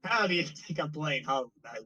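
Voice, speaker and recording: A man's voice: on the high side, animated, fairly quick, pushed and bright, breathy edge, faint music behind, poor audio. A young adult man chatting playfully on a stream, joking and teasing the host. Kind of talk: casual chat.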